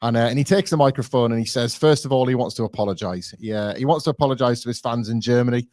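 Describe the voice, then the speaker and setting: A man co-hosting a casual podcast, animated, acting out quotes in a rising voice. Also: mid-range voice, fast talker, no room sound, clean studio sound. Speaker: podcast co-host.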